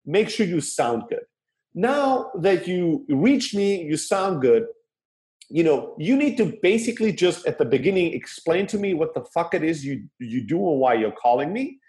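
A man's voice: fairly high pitch, moderate pace, echoey room. A man giving an informal, emphatic lesson on phone sales, swearing now and then. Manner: animated, emphatic, casual with swearing. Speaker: sales instructor. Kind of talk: informal teaching talk.

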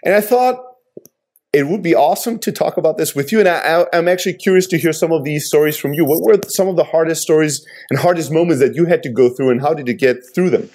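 A man's voice: a little high, quick pace, a little mellow. A man hosting a casual conversation, open and reflective as he asks questions and shares stories.

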